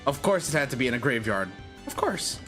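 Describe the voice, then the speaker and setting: A man's voice: medium pitch, big pitch swings, fairly quick, bright, forceful tone, faint music behind. A young man streaming a game, chatting playfully and reading its lines aloud. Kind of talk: live game commentary and dialogue reading.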